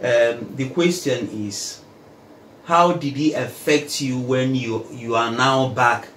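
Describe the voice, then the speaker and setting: A man's voice: medium pitch, steady tone, slow pace, fairly bright tone. A man hosting a casual conversation, speaking emphatically and turning to address the viewers. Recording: roomy echo, faint noise.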